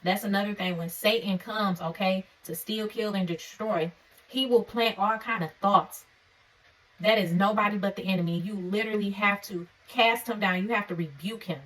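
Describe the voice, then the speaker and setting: A woman giving an encouraging faith-based talk to camera, earnest and preacherly, often checking in with her listeners with a quick "okay?". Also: medium pitch, fairly bright tone, far from the mic, rough recording. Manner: conversational and informal. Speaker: faith vlogger. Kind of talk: encouraging devotional vlog talk.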